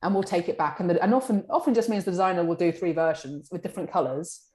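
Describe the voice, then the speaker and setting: A woman in a publishing role, answering interview questions in a chatty, animated way. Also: fairly low pitch, fast. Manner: chatty, animated, acts out colleagues' lines. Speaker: publishing director. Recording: echoey room.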